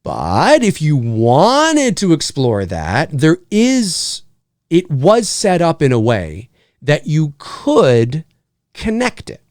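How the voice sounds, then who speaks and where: A man hosting a casual livestream Q&A, answering viewer questions in an animated, rambling way and often repeating himself. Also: on the high side, takes it slowly, no room sound, studio quality.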